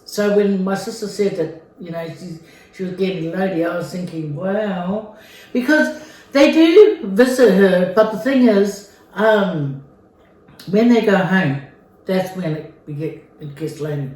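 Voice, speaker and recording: A woman's voice: fairly low pitch, a little slow, a little mellow, far from the mic. Chatty woman in an echoey room. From Samoa. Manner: chatty, repeats herself, many fillers. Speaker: vlogger. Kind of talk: casual storytelling during a mukbang.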